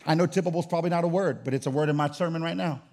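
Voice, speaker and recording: Racing through his sermon, a pastor preaches with fervor in a high, gravelly voice. Booming calls give way to hushed asides, and his delivery remains lively and convinced.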